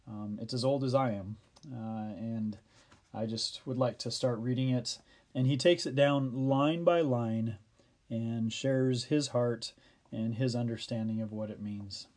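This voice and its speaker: A middle-aged man reading a devotional book aloud, with hesitant asides full of fillers between measured, steady passages. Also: medium pitch. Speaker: devotional reader.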